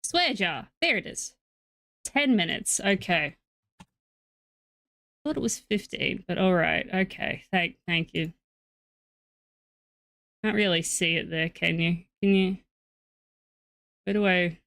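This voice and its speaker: A woman's voice: lowish voice, slow pace, pauses often, fairly bright tone. A woman streaming a game live, chatting casually with her viewers and talking to her pet in asides.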